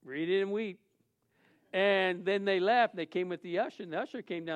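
A man's voice: high voice, steady tone, normal speed. A man who is a pastor, preaching a sermon and telling a funny personal story, acting out the dialogue and laughing often.

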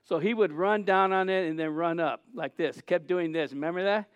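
A middle-aged man preaching a sermon as pastor, earnest with halting restarts, rising to loud cries. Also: high voice, clear, resonant tone, no room sound.

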